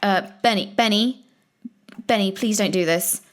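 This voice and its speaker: A woman's voice: mid-range voice, a little slow. Flustered woman playing a video game. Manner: flustered and exclamatory, many fillers. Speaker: let's play host.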